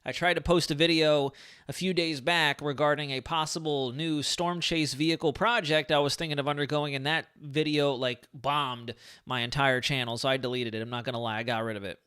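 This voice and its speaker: A man hosting a live weather stream in a casual, excitable, rambling way, his speech a little slurred from a sore lip. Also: fairly high pitch, a little fast, clean tone. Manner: chatty, excitable, rambling asides. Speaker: weather livestream host. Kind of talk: casual livestream weather talk.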